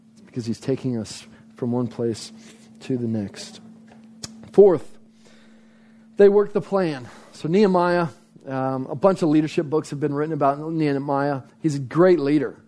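Mellow-voiced man preaching emphatically. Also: a little high, normal speed, long pauses. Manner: emphatic, repeats phrases for effect. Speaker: pastor. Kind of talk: sermon.

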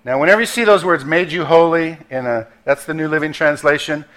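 Male pastor, conversational sermon delivery, slightly high voice, slows down for emphasis. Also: fairly bright tone. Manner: conversational preaching with acted asides and slowed emphasis.

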